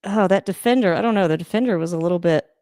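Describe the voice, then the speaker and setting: A woman hosting a casual livestream reaction to a football game, chatty and rambling, laughing often and breaking into sudden excited outbursts. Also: on the low side, rapid-fire, dry recording, clean studio sound. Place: home room, moving around the camera.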